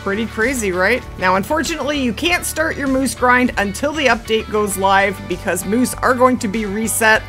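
A woman giving game commentary for her channel, explaining things calmly and then squealing and laughing when the action heats up. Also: a little high, moderate pace, hardly any pauses, faint music behind. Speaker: gaming YouTuber.

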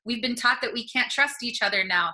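A woman's voice: on the high side, brisk, bright, forceful tone, rough recording. A woman speaking earnestly and encouragingly on a video call webinar, getting emotional as she talks. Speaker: panelist on plant medicine. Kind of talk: webinar talk.

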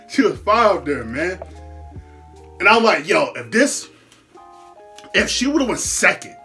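A reaction host talks through a battle rap with a lively, swinging pitch. The voice is bright and forceful, full of slang and frequent laughter. Faint music plays in the background. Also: a little slow, long pauses. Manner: animated, laughs a lot, repeats words, heavy slang. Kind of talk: casual reaction commentary.

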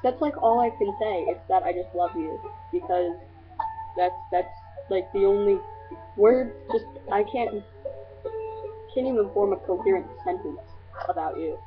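Soft music plays in the background as a teenage girl chats to her friends on a vlog at a slightly slow pace in a medium-pitched voice. She gushes and wanders from point to point, filling her speech with fillers, all captured in thin, lo-fi webcam sound.

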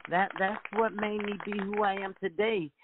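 A woman evangelist speaks earnestly, like a short sermon, about being broken and blessed. Her voice comes over a thin, phone-like connection. A steady hiss sits under it. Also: medium pitch, moderate pace. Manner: earnest preaching tone. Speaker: evangelist co-host. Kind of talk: testimony on a Christian talk show. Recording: tinny phone-like line with noise.

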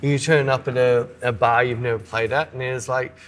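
A man's voice: mid-range voice, brisk. A middle-aged man, co-hosting a casual podcast chat and acting out little quotes as he tells stories. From Australia. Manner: animated storyteller, acts out quotes. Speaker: podcast co-host.

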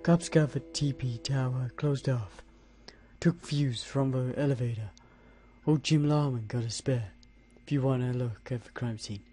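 An actor voicing a folksy swamp storyteller who narrates a game in clipped, easygoing phrases. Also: male voice, medium pitch, unhurried, warm tone, slightly rough, faint music behind.

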